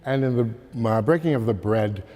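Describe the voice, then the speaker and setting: Halting man lecturing in a reverberant hall. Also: mid-range voice, darkish tone. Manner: halting, many fillers, calling for the next slide. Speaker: art history lecturer. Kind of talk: slide lecture.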